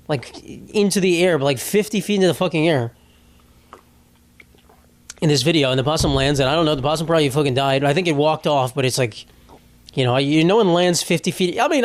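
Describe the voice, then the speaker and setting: A young man hosting a casual solo podcast, rambling and joking with plenty of swearing. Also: a little high. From United States. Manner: rambling, profane, jokey. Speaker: podcast host.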